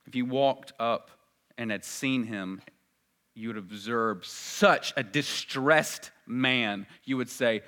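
Earnest bright-voiced male preacher. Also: slow pace. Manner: earnest, swells loud and high at emphatic moments. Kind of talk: sermon.

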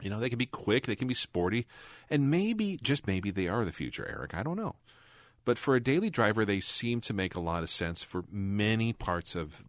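A man's voice: on the low side, big pitch swings, moderate pace, no room sound, clean studio sound. A man co-hosting a casual car podcast, talking in a rambling, chatty way and laughing often. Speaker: podcast co-host.

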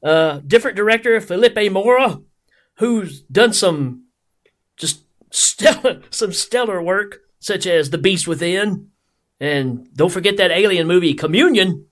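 A man hosting a movie podcast, chatting casually in an excitable, giggly, rambling way. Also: high-pitched, a little slow. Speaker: podcast host.

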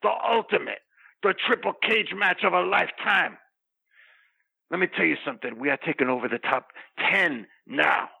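A man playing a boastful wrestler persona, delivering a grandiose, threatening comedic promo rant with a raspy voice. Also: on the high side, normal speed, bright, forceful tone, voice pushed down, exaggerated voice, low-quality recording.

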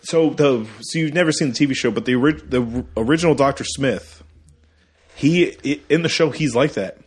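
A man co-hosting a casual movie podcast, talking loosely with a slightly husky, breathy voice. He rambles through the story and breaks into short silly impressions of the characters. The talk sounds unscripted. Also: medium pitch, a little fast. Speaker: podcast co-host. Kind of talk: casual movie review chat.

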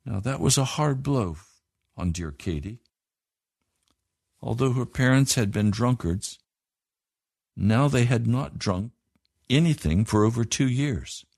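A man reading a story aloud to children, slowly and earnestly. His voice sits at a mid pitch. The recording is dry and close, with no room sound. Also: animated, gravelly, a little mellow, no room sound.

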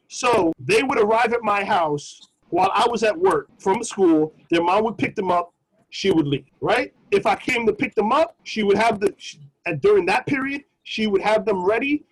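A man co-hosting a podcast, telling a personal story in a casual, slangy, animated way. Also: high-pitched, breathy edge, rough recording. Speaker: podcast co-host.

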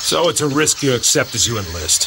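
Bitter lieutenant, gruff and frustrated, film audio buried in loud jungle noise with birds. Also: male voice, medium pitch, big pitch swings, brisk. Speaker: army lieutenant.

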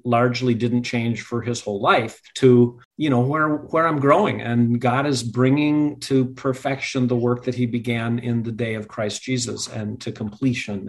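A man on a Christian parenting podcast, speaking candidly and confessionally about his past. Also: medium pitch.

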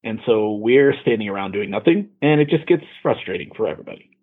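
A man's voice: on the low side, animated, quick pace. A man co-hosting a podcast in casual chat, laid-back and swearing freely. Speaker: podcast co-host. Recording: tinny phone-like line.

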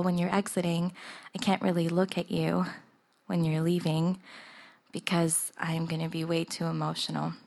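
A woman's voice: on the low side, creaky, darkish tone. A young woman telling a personal story in the first person, earnest and emotional, laughing at times. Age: young adult.

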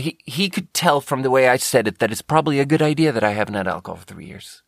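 A man's voice: medium pitch, animated, fast, vocal fry, dry recording, clean studio sound. A man hosting a podcast, telling a story in a rambling way, often correcting himself mid-sentence and swearing casually. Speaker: podcast host.

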